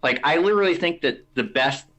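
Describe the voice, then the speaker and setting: Boston guy around 40, bright forceful voice, polite, lots of ums. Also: on the high side, expressive, brisk, dull audio, a little hiss or hum. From Massachusetts. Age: 40s. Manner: polite, hesitant with fillers. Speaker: viewer calling in. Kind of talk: casual chat.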